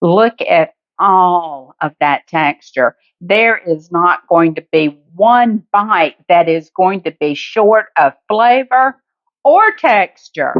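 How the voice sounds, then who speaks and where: A woman's voice: lowish voice, animated, slow pace, dull audio. A woman with a Southern US accent hosting a home cooking demonstration in her kitchen, chatty and homey, talking straight to her viewers. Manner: chatty, homey, addresses viewers as guys and honey. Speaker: cooking show host.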